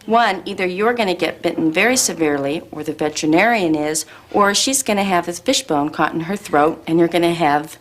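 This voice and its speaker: A woman explaining puppy handling in a calm, explanatory way during a lesson. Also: on the low side, brisk, hardly any pauses. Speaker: dog trainer.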